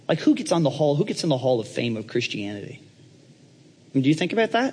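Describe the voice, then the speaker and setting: A man's voice: mid-range voice, sing-song, fairly quick, darkish tone, slightly rough, in a large hall. A man preaching a sermon in a jokey, conversational way, checking in with his congregation. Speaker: pastor.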